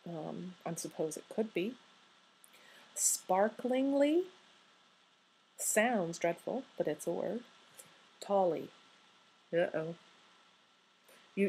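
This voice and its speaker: A woman's voice: mid-range voice, dark tone, breathy edge, low-quality recording. A woman giving a recorded university grammar lecture, conversational and wry, often posing questions to her students.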